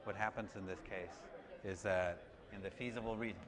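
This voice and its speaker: A man giving a university lecture, halting, with many restarts and fillers. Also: lowish voice, steady tone, a crowd in the background. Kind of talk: classroom lecture. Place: large lecture hall. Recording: reverberant lecture hall, faint noise.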